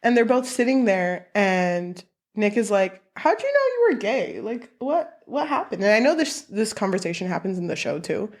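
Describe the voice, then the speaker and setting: A woman co-hosting a casual book podcast, swearing freely and acting out quotes from the story. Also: moderate pace. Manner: animated, swears, acts out quotes with big pitch jumps. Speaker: podcast co-host.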